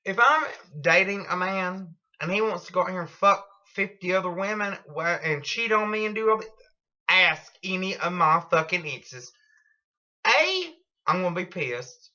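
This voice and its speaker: A woman's voice: lowish voice, expressive, moderate pace, pushed and bright, dull audio. A woman telling a rambling story at home in a blunt, profane, casual way. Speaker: vlogger.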